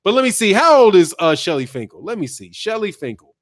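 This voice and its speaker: A little fast and sitting high, this man's voice comes through clean studio sound with no room noise. He's from the United States and hosts a boxing channel live stream, reading chat messages while giving lively, slangy commentary peppered with laughs and repetition.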